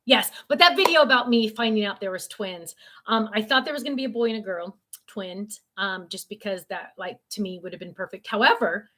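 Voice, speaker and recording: A woman's voice: mid-range voice, sharp tone. An older woman hosting a casual livestream from home, reading viewer comments aloud and chatting in a rambling way with many fillers. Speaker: live-stream host.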